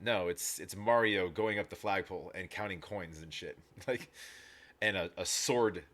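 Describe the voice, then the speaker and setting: A man's voice: deep voice, unhurried, a bit bright. A man hosting a reaction video, chatting casually with lots of restarts, fillers and the odd curse. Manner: rambling, frequent restarts and fillers, casual swearing.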